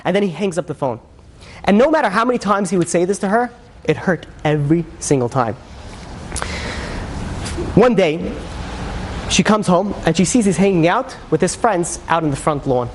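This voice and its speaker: Animated storytelling rabbi, man. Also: high voice, moderate pace, pauses often, a little hiss or hum. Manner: animated, conversational, frequent fillers and acted quotes. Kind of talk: sermon storytelling.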